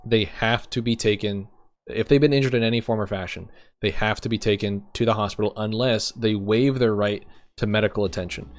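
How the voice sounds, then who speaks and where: Low-voiced man giving a methodical police briefing. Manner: steady, methodical, explains step by step with many ums. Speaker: roleplay police sergeant training recruits. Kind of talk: instructional roleplay briefing.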